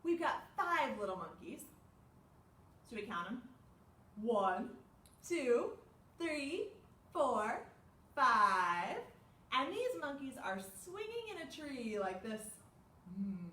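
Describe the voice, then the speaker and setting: Animated woman reading storytime to children. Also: a little high, slow pace, long pauses. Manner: animated, with gasps and questions to kids. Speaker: children's librarian. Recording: echoey room, far from mic.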